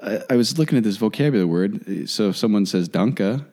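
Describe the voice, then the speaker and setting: A man with a very low, deep voice chats loosely on a talk show. He rambles and restarts often as he works his way into a topic. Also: expressive, mellow. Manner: rambling, halting. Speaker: podcast co-host. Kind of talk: casual chat.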